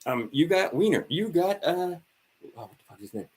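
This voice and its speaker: A man's voice: fairly high pitch, very animated, a little fast, a little mellow, slightly rough. A man ranting sarcastically and profanely on a livestream, rambling and tired. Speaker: livestream host.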